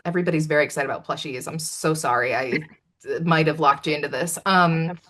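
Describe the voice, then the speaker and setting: A woman's voice: low voice, fairly quick, a bit bright. A woman hosting a live online Q&A, chatty and self-deprecating, with many fillers. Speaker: livestream host. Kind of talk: casual chat.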